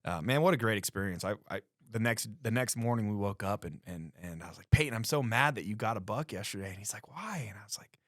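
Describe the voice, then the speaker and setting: A man from Colorado with a deep, low voice tells a story as a guest, casual and animated, acting out the quotes. The sound is dry and close, with little room echo. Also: quick pace, hardly any pauses.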